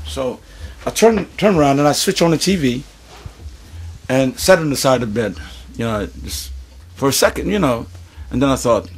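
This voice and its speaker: A man in an interview telling a story in a casual, animated way, with stammering restarts, frequent swearing and laughter. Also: high-pitched, moderate pace, creaky, breathy edge. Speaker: musician interview guest.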